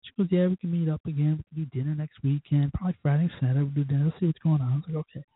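A man's voice: a little high, fairly even intonation, racing, husky, phone-quality sound. A man hosting a show, telling a first-date story in a rambling, profane, self-mocking way. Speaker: podcast host. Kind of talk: casual storytelling monologue.

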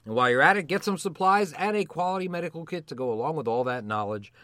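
Older male doctor-host, theatrical and jokey, animated pitch, dry booth. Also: quick pace, dry recording. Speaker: podcast co-host, medical doctor. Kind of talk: playful podcast banter and promo pitch.

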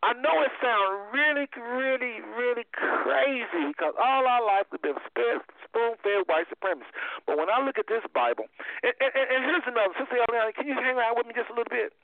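A man's voice: extremely high pitch, fairly quick, vocal fry, no echo. A man hosting a call-in Bible study, who teaches emphatically and repeats his key phrases. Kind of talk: preaching Bible teaching over a phone line. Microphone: phone line. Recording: tinny dry phone line.

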